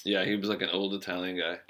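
A man's voice: sits low, a bit bright. A middle-aged man telling a loose, profane story from his cab-driving days in a casual chat. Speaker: storyteller, former cab driver.

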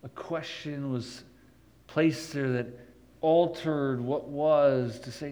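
A man preaching a sermon, rising to emphatic peaks and dropping low and slow to read scripture. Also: fairly even intonation, warm tone, poor audio. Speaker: pastor.

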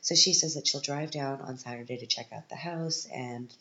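A podcast host rambles through a sarcastic recap of a TV film from a living room. The voice has a gravelly edge. The recording sounds slightly dull and roomy, like a home setup. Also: mid-range voice, normal speed, sharp tone.

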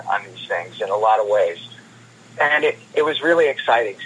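A man, a guest comics producer, telling animated stories in an interview and repeating words as he goes. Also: mid-range voice, breathy edge, poor audio. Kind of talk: anecdotal interview storytelling.

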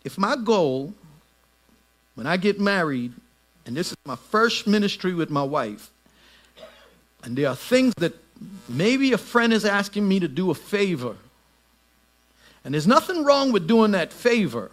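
A middle-aged man preaching a sermon, swinging between shouted lines and soft asides. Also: high voice, very animated, measured pace, long pauses. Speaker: pastor.

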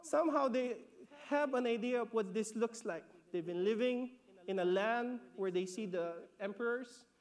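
Filipino guy preaching, high voice, lively, keeps repeating himself and asking okay?. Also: moderate pace. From Philippines. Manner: animated, repeats words, acts out voices of disciples; laughs between points, asks "okay?". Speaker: pastor. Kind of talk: sermon.

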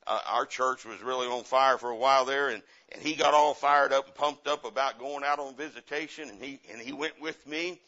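A middle-aged man preaching a sermon as a guest missionary, telling stories in an impassioned way that swings from loud to quiet and repeats phrases for emphasis. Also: mid-range voice, fairly even intonation, brisk, hardly any pauses. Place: church. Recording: dull lo-fi sermon recording.

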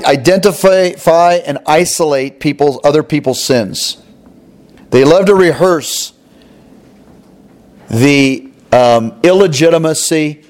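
A man's voice: medium pitch, a little mellow. A man preaching a sermon, retelling a parable and voicing its characters with expression. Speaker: pastor.

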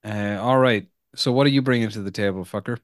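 A man's voice: fairly low pitch, fast talker, dry recording, studio quality. A man co-hosting a film podcast in casual, teasing chat. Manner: joking, teasing, laid-back. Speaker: podcast co-host.

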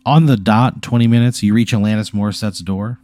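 A man hosting and narrating an improvised comic scenario in a deadpan, laid-back way. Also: lowish voice, fairly quick, dry recording. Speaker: host running an improvised hypothetical. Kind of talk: improvised comedic storytelling.

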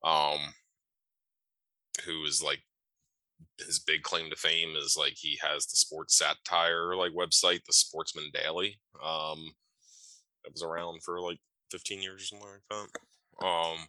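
A man with a very low voice talks loosely on a podcast, piling up fillers and tossing in curse words. His tone is bright and edgy, and the sound is dry and close with almost no room echo. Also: little pitch movement, measured pace, pauses often. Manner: rambling, filler-heavy, swears casually. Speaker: podcast co-host. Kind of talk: casual chat.

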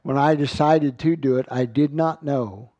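A man's voice: mid-range voice, moderate pace, dark tone, no room sound, lo-fi sound. A man giving an earnest sermon, reading scripture aloud and often repeating words as he finds his thought. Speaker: Bible teacher.

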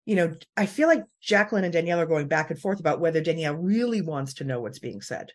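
A woman hosting a podcast in casual chat, talkative and quick to laugh, with frequent fillers and restarts. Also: sits low, expressive. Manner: chatty, laughs often, many fillers and restarts. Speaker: podcast host.

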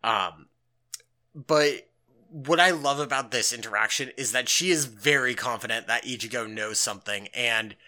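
Bright guy, animated, rambly podcast recap, lots of fillers. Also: medium pitch. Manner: animated, filler-heavy, acts out quotes. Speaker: podcast co-host. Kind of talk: casual recap chat.

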